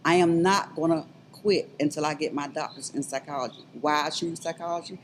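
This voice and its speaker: A middle-aged woman gives a personal testimony in an interview. She speaks earnestly and haltingly, with many restarts, then builds to fervent urging. A faint hiss sits beneath her voice. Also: sits low, rough recording. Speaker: interview guest, abuse survivor.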